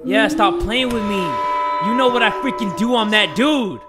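A man hosting a horror game playthrough, excitable, going from hushed muttering to loud screams, his voice strained from screaming. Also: high voice, normal speed. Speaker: gaming video host. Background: creepy game music.

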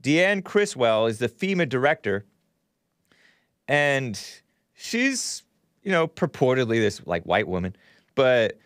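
Animated man hosting a livestream. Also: mid-range voice, unhurried, pauses often, no echo, clean studio sound. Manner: animated, reacts aloud with exclamations and laughs; chatty, addresses viewers directly. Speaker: livestream host. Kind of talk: casual livestream commentary.

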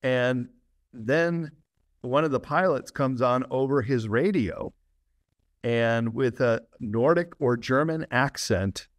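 A man's voice: medium pitch, slow pace, no room sound, studio quality. Enthusiastic man telling a long story. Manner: enthusiastic, laughs often, steady explaining. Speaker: guest author. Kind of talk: podcast interview storytelling.

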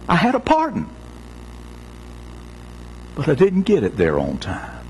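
High, animated preaching man. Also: measured pace, pauses often, a little hiss or hum, rough recording. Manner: preaching with sweeping pitch swings, storytelling. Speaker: pastor. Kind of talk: sermon. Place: church sanctuary.

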